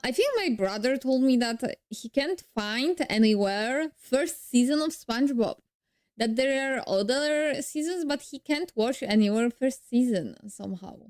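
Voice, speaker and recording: A woman's voice: high voice, a little mellow, no echo, studio quality. Chatty woman streamer. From Poland. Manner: chatty, joking asides. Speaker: streamer reacting to a video. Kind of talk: casual chat.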